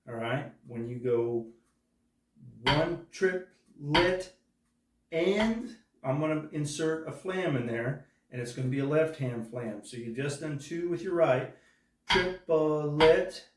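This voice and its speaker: A man's voice: mid-range voice, normal speed, hardly any pauses, noisy background. A man teaching a drum part step by step, patiently counting out the rhythms aloud. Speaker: drum instructor. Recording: echoey room from far off.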